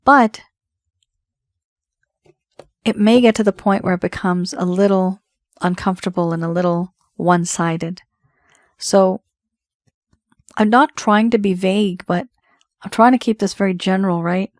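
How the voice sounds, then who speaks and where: A woman's voice: medium pitch, unhurried, pauses often, no echo, studio quality. A woman giving a tarot reading, talking straight to the viewer in a conversational, reassuring way. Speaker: tarot reader.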